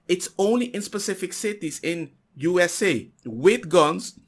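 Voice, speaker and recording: A man's voice: sits high, lively intonation, moderate pace, few pauses. A man from the Dutch Caribbean, whose first language is Papiamento, giving a rambling, opinionated reaction commentary. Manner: rambling, opinionated, voice jumps up when making a point. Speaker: streamer reacting to a clip.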